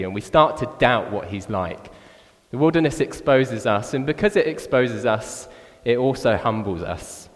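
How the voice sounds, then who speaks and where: A man preaching a sermon in a relaxed, chatty way, often saying "like" and "actually". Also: lowish voice, moderate pace. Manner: conversational, animated, with frequent "like" and "actually". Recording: reverberant church hall.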